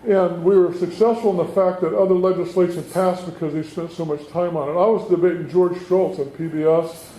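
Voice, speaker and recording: Speaking a little fast in a mellow voice that sits high, this middle-aged man keeps his intonation fairly even. He's a state assemblyman delivering a folksy, question-filled town hall speech to residents, recorded in an echoey community meeting room with faint background noise.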